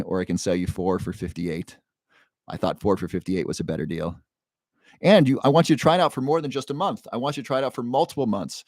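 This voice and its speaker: A man hosting a casual livestream, greeting viewers from the chat by name and pitching a supplement with upbeat energy. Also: darkish tone, no room sound, clean studio sound. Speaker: livestream host.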